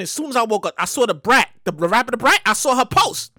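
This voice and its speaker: A man giving casual news commentary in an animated way, swearing, stammering and restarting, with sudden loud mock exclamations. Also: very high voice, quick pace, few pauses, no room sound, clean studio sound.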